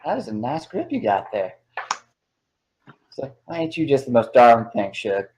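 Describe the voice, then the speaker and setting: Man doing a folksy Southern cat-lady clerk for a tabletop game: gentle, chatty, drawling. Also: medium pitch, very animated, moderate pace, natural voice, poor audio. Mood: friendly. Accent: put-on Southern US drawl. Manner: drawling, hospitable, with y'all and darling.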